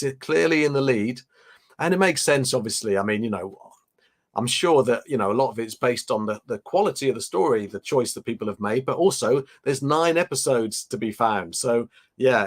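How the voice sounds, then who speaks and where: A man hosting a casual live unboxing stream, chatting loosely and reading viewer comments aloud. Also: medium pitch. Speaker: livestream host.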